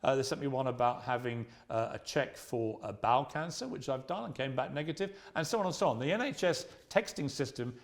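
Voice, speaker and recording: A man's voice: mid-range voice, animated, a little fast, hardly any pauses. A man in his fifties hosting a confrontational interview, pressing his points and talking over his guest. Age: 50s. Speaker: host.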